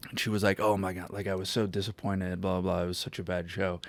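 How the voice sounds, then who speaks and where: A man's voice: deep voice, quick pace, creaky, no room sound. A man co-hosting a podcast, telling stories with lots of swearing and laughter. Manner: swearing, laughing storyteller, animated when quoting. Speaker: podcast co-host. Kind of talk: casual chat.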